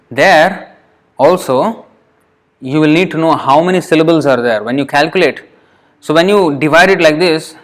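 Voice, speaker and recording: Patient man teaching verse pronunciation. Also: fairly high pitch. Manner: patient, repeats words slowly to demonstrate pronunciation; halting, with fillers and self-corrections. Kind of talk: classroom lesson.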